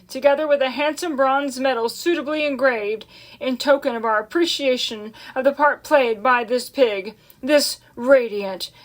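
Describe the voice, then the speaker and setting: A woman's voice: high-pitched, fairly bright tone. A woman doing a pompous fair announcer. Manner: measured, ceremonious speechmaking. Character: male fair announcer on a loudspeaker, formal and pompous.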